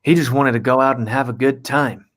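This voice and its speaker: A man narrating an improvised comedy story in a mock-grand, deliberate way. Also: mid-range voice, steady tone, fairly bright tone.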